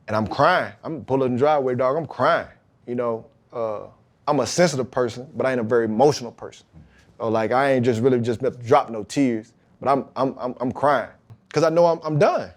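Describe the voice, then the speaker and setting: A man's voice: mid-range voice, a little fast. Emphatic man telling his story. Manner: emphatic, animated retelling with acted-out quotes. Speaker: podcast guest, pro football linebacker. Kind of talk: casual storytelling about faith and football.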